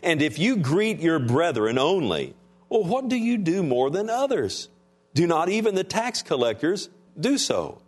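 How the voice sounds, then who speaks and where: Man preaching with swinging loudness. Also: a little high, sing-song, a little slow. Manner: preachy call-and-response, asks the congregation "Amen?"; swings between raised emphatic lines and hushed soft ones. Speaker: pastor. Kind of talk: sermon. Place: church sanctuary.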